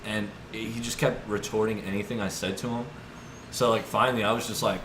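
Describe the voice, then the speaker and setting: Young male podcast host, low-ish voice, loose rambly storyteller, roomy echo, noisy background. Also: brisk. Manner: rambling, lots of "like" and "dude", animated retelling. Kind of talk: casual storytelling chat. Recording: echoey room with background noise.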